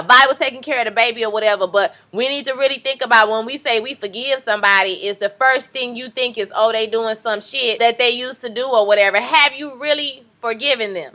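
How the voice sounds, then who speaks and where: A woman with a bright, forward voice that sits a little high. She recaps a TV episode in a relaxed, lively way. She talks straight to her viewers. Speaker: TV recap vlogger.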